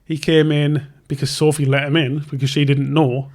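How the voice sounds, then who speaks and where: A man's voice: fairly high pitch, level tone, moderate pace, a little mellow. A young man who is a tattoo artist, casually telling a long story and acting out both sides of the conversation, with lots of restarts. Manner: rambling, self-interrupting, acts out both sides of conversations. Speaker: tattoo artist, podcast host.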